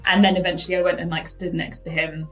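A woman's voice: on the low side, fast, soft background music. Chatty london woman telling a story, laughs a lot, plays out her old lines, echoey room. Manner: animated, laughing, acts out her own past lines. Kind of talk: casual storytelling.

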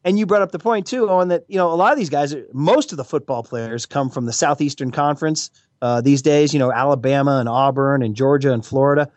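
A man chatting as a guest commentator on a podcast, excitable and rambling, joking as he goes. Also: medium pitch, a little fast, few pauses, no room sound. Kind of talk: casual podcast chat.

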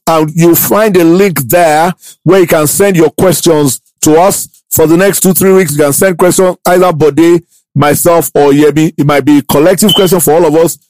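Male sports podcast host, fairly high voice, dry close sound, animated and joking. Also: no room sound, rough recording. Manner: animated, playful, quick questions. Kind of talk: casual sports podcast chat.

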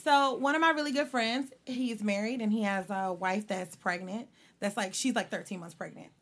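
A young adult woman co-hosting a podcast, telling personal stories in an animated, laughing way with free swearing. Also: medium pitch, moderate pace. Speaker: podcast co-host. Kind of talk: casual storytelling chat.

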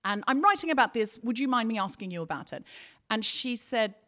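A woman co-hosting a live comedy show, telling a wry personal anecdote in a dry, deadpan way. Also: on the high side, fairly quick. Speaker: co-host and comedian. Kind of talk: comic anecdote on stage. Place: live comedy venue with audience.

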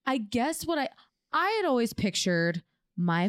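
A young woman co-hosting a podcast, telling a story in a casual, animated way and acting out the quotes. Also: unhurried, no echo, studio quality. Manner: animated, acts out quotes with big pitch jumps. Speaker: podcast co-host.

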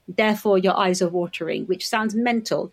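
A middle-aged woman, an optometrist guest chatting in an interview, animated and quick to laugh. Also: medium pitch, husky. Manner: chatty, animated storyteller who laughs easily. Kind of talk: casual interview chat.

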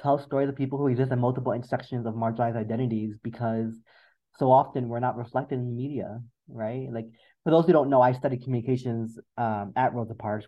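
A man's voice: mid-range voice, highs cut off. A man as a podcast guest, talking in an earnest, reflective way and often repeating words as he gathers his thoughts. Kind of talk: emotional interview conversation.

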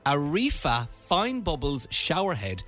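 Lively, bright-voiced man hosting radio. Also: on the high side, a little slow, soft background music. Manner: playful, reading out items with commentary. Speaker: radio host. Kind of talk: casual radio chat.

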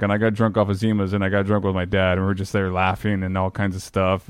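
A low-voiced man in his thirties spins a long, rambling anecdote, swearing freely and laughing at himself as he goes. The sound is dry and close, with no room around it. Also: clean tone, dry recording. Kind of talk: casual chat.

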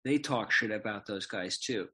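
A man co-hosting a podcast in casual chat, crude and mocking, often slipping into quick impressions of others. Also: lowish voice, sharp tone. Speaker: podcast co-host.

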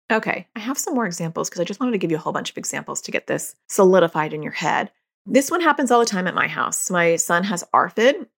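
A woman's voice: fairly low pitch, creaky. A woman hosting a podcast, explaining in a casual conversational way and acting out dialogue in quoted voices. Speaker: podcast host; parent.

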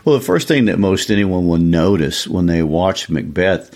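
A man's voice: sits low, animated, normal speed, darkish tone. A man co-hosting a podcast in casual chat, wry and questioning. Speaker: podcast co-host.

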